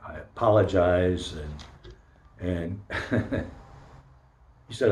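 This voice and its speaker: Older man, low voice, roomy sermon. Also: a little mellow, a little hiss or hum. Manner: candid, halting storytelling with frequent pauses and fillers. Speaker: Zen priest giving a dharma talk. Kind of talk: informal personal sermon. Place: temple meditation hall. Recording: roomy echo.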